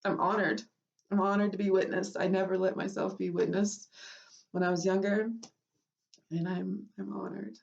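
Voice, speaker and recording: A woman's voice: mid-range voice, level tone, moderate pace, gravelly, distant mic, muffled recording. Tearful woman on a phone stream. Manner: emotional, laughing through tears, swears casually. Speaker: live stream host. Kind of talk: unplanned live stream chat.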